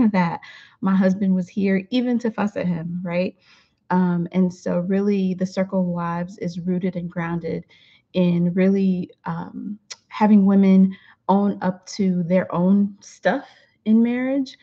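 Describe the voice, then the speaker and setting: A middle-aged woman talks to camera from home in a low, gravelly, husky voice, warm-hearted and chatty, leaning on fillers as she goes. The recording is dull and lo-fi. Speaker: host of a weekly affirmation show. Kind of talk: casual talk to camera. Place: home room.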